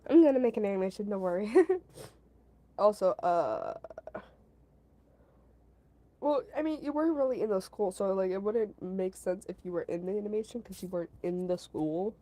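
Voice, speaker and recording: A woman's voice: medium pitch, expressive, moderate pace, long pauses, warm tone, poor audio. A woman casually telling a story to her stream chat, rambling, repeating herself and padding her talk with fillers. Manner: talks to her chat between story parts.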